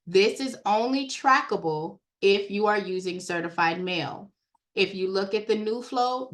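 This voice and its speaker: A software trainer with a mid-range voice shares her screen and walks viewers through credit repair software. She keeps it casual and chatty, speaking directly to the people watching.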